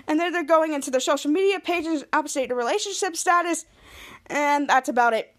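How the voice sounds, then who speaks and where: High-voiced woman animatedly recapping a show. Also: fast. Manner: animated retelling, acting out quoted lines. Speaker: podcast host. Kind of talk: casual episode recap.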